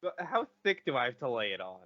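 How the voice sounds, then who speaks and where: A man co-hosting a podcast in casual banter, animated and easily flustered. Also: mid-range voice, fast, no echo, highs cut off. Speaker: podcast co-host.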